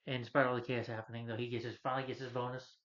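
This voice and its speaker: Young man, casual movie recap, loose and rambling, average pitch, dull lo-fi sound. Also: little pitch movement, racing, fairly bright tone. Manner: rambling, heavy on "you know" fillers, acts out quotes. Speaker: movie reviewer. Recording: slightly dull lo-fi recording.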